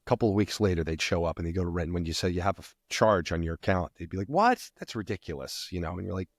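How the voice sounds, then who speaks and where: A man co-hosting a podcast, telling animated stories in casual chat and acting out the people in them. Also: deep voice, racing, dry recording, studio quality. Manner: animated storyteller acting out customers. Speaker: podcast co-host.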